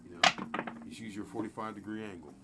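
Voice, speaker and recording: A man streaming live about craps dice throws, rambling and excitable, swearing freely as he talks. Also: lowish voice, fast talker, creaky, heavy background noise. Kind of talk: casual live-stream talk. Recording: music playing behind.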